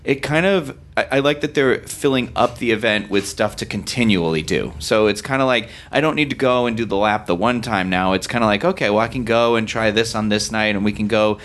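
Male co-host, lowish voice, chatty and upbeat. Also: a little fast, hardly any pauses, fairly bright tone. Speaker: podcast co-host. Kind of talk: casual podcast discussion.

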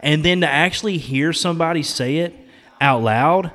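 Man, podcast host, casual rant, profane, outraged, slightly high voice, long reverb. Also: normal speed, fairly bright tone. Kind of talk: casual chat.

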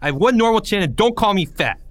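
Man playing a stubborn chubby fifth-grade boy, indignant, shrill when taunting, storybook, dry close sound. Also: huge pitch swings, moderate pace, bright, forceful tone, no room sound, heavily acted.

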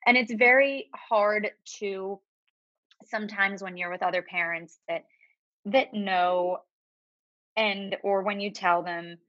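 A woman guest on a podcast talking about her family, halting and tearful, with many fillers and restarts. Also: mid-range voice, steady tone, no echo, dull audio. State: crying at times. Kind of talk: emotional personal conversation.

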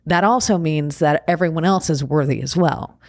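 Guest, woman from Long Island, low and dry close voice, calm and reflective. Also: moderate pace, no echo. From Long Island, New York. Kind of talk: reflective casual conversation.

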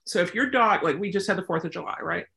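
A woman dog trainer giving a casual, chatty lesson, animated and often acting out her examples. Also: on the low side, quick pace, gravelly. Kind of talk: casual teaching talk.

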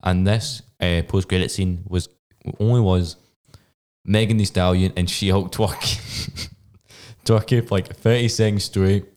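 A young man co-hosting a casual podcast chat, talking in a halting, unsure way. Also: low-pitched, steady tone, a little mellow. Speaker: podcast co-host. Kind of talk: casual chat reviewing a TV episode.

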